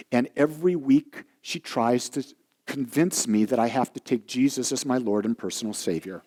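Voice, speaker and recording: A male minister giving a sermon, telling stories and acting out the voices of the people in them. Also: medium pitch. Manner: animated storyteller acting out quoted voices. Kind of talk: sermon with storytelling.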